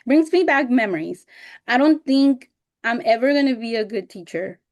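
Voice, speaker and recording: A woman's voice: a little high, normal speed. A woman in her thirties presenting a teacher workshop over a video call, telling personal stories candidly and expressively, sometimes getting emotional. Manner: candid and expressive, acts out past remarks in animated voices; emotional when recalling hard times.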